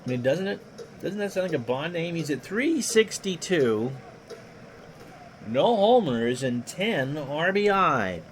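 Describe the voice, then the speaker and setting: A man does play-by-play for a replayed baseball game, his voice on the high side and unhurried, with a little hiss or hum. As the announcer, he reads stats in a steady run and jokes with chat between plays.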